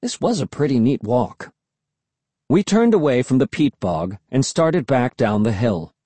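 A man reading a children's story aloud in first person, expressive and animated, on a close studio mic. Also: mid-range voice, measured pace, breathy edge, no room sound. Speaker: audiobook narrator. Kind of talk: scripted first-person narration.

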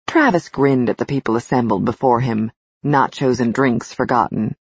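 A woman reading a romance novel as an audiobook narrator, in even, measured storytelling. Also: rumbling low, husky, no room sound. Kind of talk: scripted narration. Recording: slightly dull, dry studio recording.

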